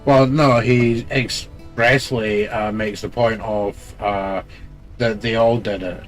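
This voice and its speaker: A man's voice: on the low side, fairly even intonation, slow pace, faint music behind. Sweary guy bantering while gaming, blunt and argumentative. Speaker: let's play co-host. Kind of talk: casual chat over gameplay.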